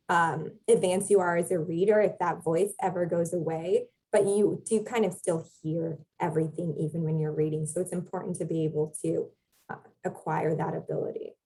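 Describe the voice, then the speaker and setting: A woman's voice: lowish voice, fairly even intonation, moderate pace, warm tone, low-quality recording. A young adult woman, a Latin teacher, explaining at length as a podcast guest in a thoughtful way with frequent filler words. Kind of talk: casual conversational interview.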